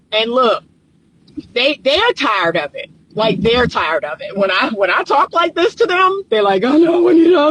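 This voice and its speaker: A woman's voice: a little high, a bit bright, low-quality recording. A woman as a relationship coach, talking straight to camera in a casual, emphatic, preachy way and laughing often between points. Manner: casual colloquial talk. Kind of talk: direct-to-camera advice monologue.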